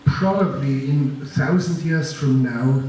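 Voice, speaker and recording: A man with a German accent giving a master class, telling his story in a slow, deliberate, grave way and answering audience questions. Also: mid-range voice, warm tone. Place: large lecture hall. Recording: echoey hall, distant mic, faint noise.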